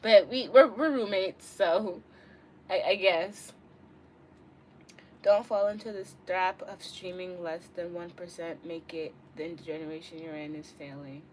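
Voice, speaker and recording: In a casual bedroom livestream, a young woman reads comments and chats with viewers, bubbly and full of giggles. She shifts between loud outbursts and low mumbles, with fairly even intonation and an unhurried pace. A little hiss or hum is audible.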